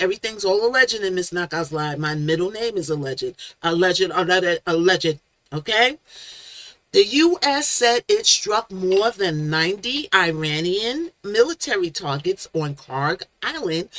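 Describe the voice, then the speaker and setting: A woman's voice: mid-range voice, a bit bright, no room sound. A woman hosting a casual live stream, chatting with viewers by name and coining playful made-up words. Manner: chatty, reads chat names aloud, playful made-up words.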